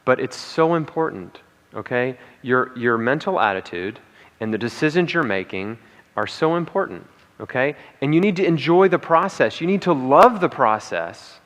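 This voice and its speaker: A man's voice: medium pitch, lively intonation, moderate pace, a bit bright. A man giving an emphatic motivational talk at a conference, repeating key lines and checking in with "okay?" and "right?". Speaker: speaker at a conference. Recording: reverberant hall.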